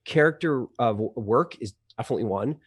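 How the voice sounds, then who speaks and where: A man's voice: medium pitch, brisk, husky. Chatty man explaining with many fillers. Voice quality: trained audio engineer. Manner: animated explainer, lots of fillers and restarts. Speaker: CEO of a voice-over marketplace, guest. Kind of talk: conversational interview.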